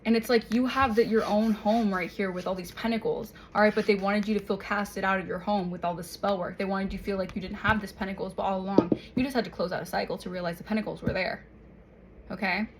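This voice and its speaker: A woman's voice: medium pitch, fairly even intonation, quick pace, slight background noise, low-quality recording. Chatty woman reading tarot. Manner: chatty, tags lines with "okay?" and "all right?". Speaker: tarot reader. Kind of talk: casual spoken tarot reading.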